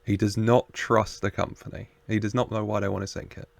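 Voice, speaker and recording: A man's voice: lowish voice, flat delivery, a little fast, gravelly, no echo. A man hosting a reaction video, chatting casually, laughing often and talking back to the screen.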